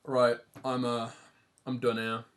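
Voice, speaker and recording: A man's voice: mid-range voice, monotone, slow pace. A young man with an English accent, chatting casually and rambling on a livestream while he draws, self-deprecating and swearing now and then. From England. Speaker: art streamer.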